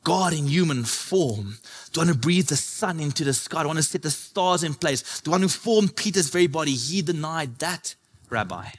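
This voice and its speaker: Guy with a high voice preaching a sermon, fired up, keeps repeating lines. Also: lively intonation, moderate pace, husky. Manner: impassioned, repetitive preaching.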